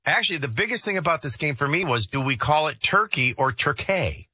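A male morning talk radio host speaks fast and animated in a slightly high voice that's pushed and bright with a breathy edge, recorded at studio quality with no echo on a studio microphone. In the radio studio he chats casually about sports and reads the news, conversational and restarting often.

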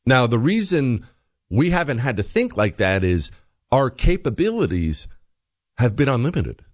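A man hosting a radio talk show, delivering an emphatic political commentary monologue and slowing down to stress his points. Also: mid-range voice, dry recording, clean studio sound. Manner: animated, emphatic, slows down for emphasis.

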